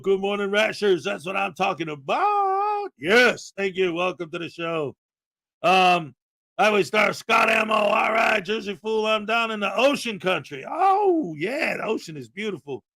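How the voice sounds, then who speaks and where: A man hosting a casual live stream, chatting loosely and greeting viewers, with rambling asides and sudden loud bursts of excitement. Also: high voice, a little slow, gravelly. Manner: chatty and rambling, many fillers.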